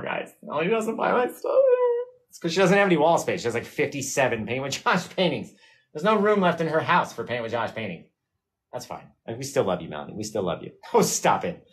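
A man hosting a live painting stream, chatting casually with viewers in a rambling, self-mocking way and laughing often. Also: mid-range voice. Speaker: livestream painting host.

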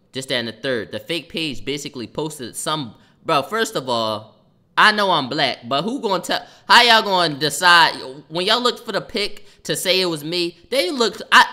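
A young man telling a story on a livestream in casual chat, animated and profane, breaking off to react to viewers' comments. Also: fairly high pitch.

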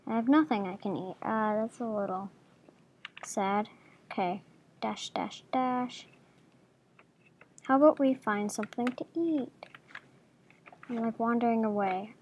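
Woman gaming commentator, unhurried, slightly high voice, self-talk with soft asides. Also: a little hiss or hum. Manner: jumpy, talks to herself, soft murmured asides. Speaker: gaming video creator. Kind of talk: casual game commentary.

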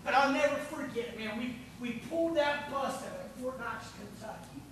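A man preaches at an ordinary pitch in a folksy, storytelling way, full of asides. He is heard from a distance in a very echoey church, with a faint hiss underneath. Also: normal speed, a bit bright. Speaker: pastor. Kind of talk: sermon. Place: church sanctuary.

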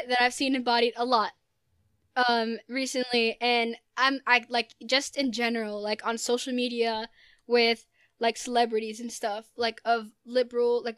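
A woman's voice: on the high side, fairly bright tone, smooth, dry recording, clean studio sound. A young woman talking earnestly as a podcast guest, with frequent "like" fillers. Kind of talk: casual podcast chat.

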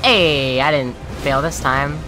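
A woman's voice: deep voice, slow. A woman streamer swearing and commenting on her own play, talking to viewers and shrieking when she dies. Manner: profane, exasperated, talks to viewers; shouts and shrieks when dying. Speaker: streamer playing a video game. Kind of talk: gaming commentary. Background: game music.

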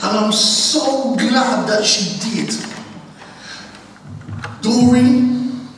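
A man's voice: very high-pitched, drawn-out words. A man giving a funeral tribute in church, telling a chatty personal story to the congregation. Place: large church hall. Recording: echoey church hall, far from the mic, faint hiss.

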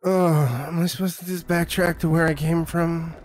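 A man live-streams a horror game, his voice on the high side with fairly even intonation at normal speed, over slight background noise. He swears, jokes and talks back to both the game and his chat in live gameplay commentary.

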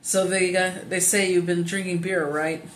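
A woman reading a story aloud and voicing a gruff, angry police sergeant who talks in curt, sarcastic orders. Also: fairly low pitch, flat delivery, moderate pace, slight background noise, close to an everyday voice. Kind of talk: audiobook reading.

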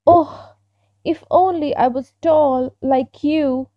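A woman voicing a small, eager young male fir tree in a children's story, wistful and excitable. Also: high voice, slow, no echo, muffled recording, pitched above the performer's own voice. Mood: longing.

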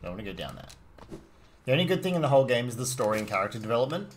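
A man with an Australian accent streaming a game live, reading chat aloud and reacting in sudden high yelps. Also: very animated, very fast, a little hiss or hum.

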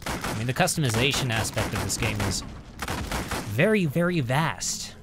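A man's voice: mid-range voice, animated, normal speed, background noise. A man giving casual let's-play commentary at his home computer, chatting as he reads out item stats and mutters at enemies. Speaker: gaming channel host.

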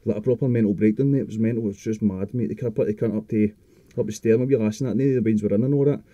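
Fast-talking dark-voiced Scottish man. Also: on the low side, fairly even intonation, no echo, highs cut off. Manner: rambling, heavy swearing, frequent restarts. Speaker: podcast guest. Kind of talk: casual chat.

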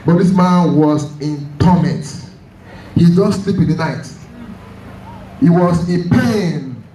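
A man's voice: on the high side, slow, warm tone, reverberant, far from the mic, slight background noise, rough recording. A man preaching a sermon, telling a story with emphatic repeated phrases.

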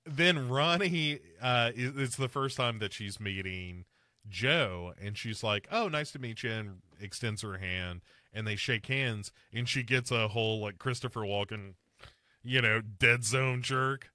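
A podcast host with a lowish, slightly slow voice and a bright, forceful tone walks through a film scene by scene in casual chat, putting on mocking voices for the characters. The studio recording is clean, with no echo.

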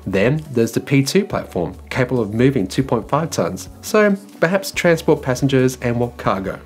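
An Australian man hosts an electric car news show, reading his script loosely and casually and filling gaps with "like" and "well." His voice is medium-pitched and sing-song at a normal speed, with faint music in the background.

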